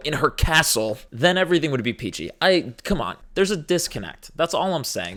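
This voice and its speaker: A male comedian rants with sarcastic exasperation. His pitch swings widely and sits somewhat high for a man, bouncing between mock outrage and deadpan asides. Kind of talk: comedic rant.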